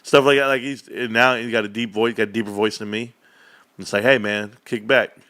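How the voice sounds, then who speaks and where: A man's voice: on the low side, brisk, no echo. A man, chatting casually as a livestream host and acting out the voices of the people in his stories. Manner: animated storyteller, acts out quoted voices.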